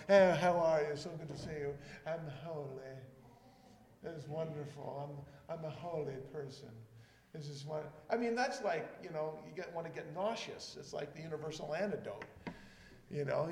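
A man preaching a sermon with animated delivery, swinging between loud emphasis and quiet asides. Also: on the high side. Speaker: pastor. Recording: echoey hall with faint room noise.

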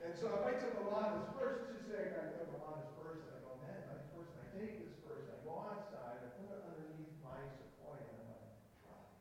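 A man preaching a sermon with animated delivery, swinging between loud emphasis and quiet asides. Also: fairly high pitch, brisk, hardly any pauses. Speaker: pastor. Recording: echoey hall with faint room noise.

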